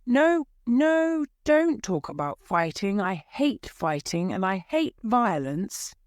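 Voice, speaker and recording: A woman voicing a gentle, peace-loving rich nobleman in a storybook reading. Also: mid-range voice, slow, dry recording, studio quality, voice pushed up. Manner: mild, calm. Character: gentle rich young nobleman, hates violence.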